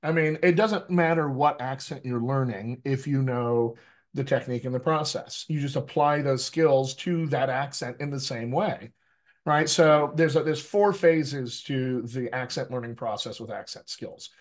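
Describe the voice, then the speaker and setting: A mid-pitched American man talks actors through accent work in a live online session. He is lively and teacherly, and keeps checking in with his listeners. The sound is that of a video call. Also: measured pace. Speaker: dialect coach. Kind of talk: live online coaching talk.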